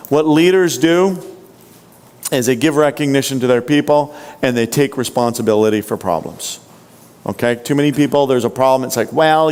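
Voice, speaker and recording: A man's voice: medium pitch, darkish tone, clear, resonant tone. A man giving a motivational sales training talk, punchy and full of rhetorical questions to the audience. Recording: long hall reverb.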